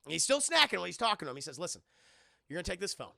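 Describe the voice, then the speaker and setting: Animated, gravelly young male streamer. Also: on the high side, no room sound, clean studio sound. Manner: profane, animated, acts out characters in quick quotes. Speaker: movie reviewer streaming live. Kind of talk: casual scene-by-scene recap with chat.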